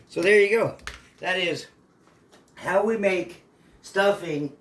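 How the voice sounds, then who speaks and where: A man's voice: medium pitch, a little hiss or hum. A man hosting a casual cooking demonstration at home, chatty and playful. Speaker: cooking show host. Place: home kitchen. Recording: echoey home kitchen.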